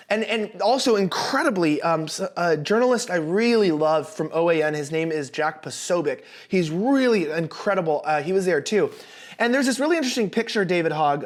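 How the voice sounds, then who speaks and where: A young man hosting a casual commentary show, talking in an animated, sarcastic way with frequent restarts. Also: sits high. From United States. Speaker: political commentary host.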